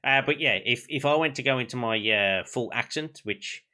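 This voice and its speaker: Young bloke, black country accent washed out a bit, bright voice, rambling chat with lots of restarts. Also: male voice, medium pitch, moderate pace. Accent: Black Country, softened. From England. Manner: rambling, many restarts and repeated words. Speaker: streamer. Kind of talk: casual chat with chat.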